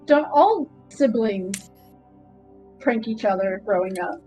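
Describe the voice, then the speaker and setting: A woman's voice: mid-range voice, animated, takes it slowly, mellow, soft background music, rough recording. A woman on a streamed game panel, talking casually with lots of hesitant fillers. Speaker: tabletop game player, guest panelist.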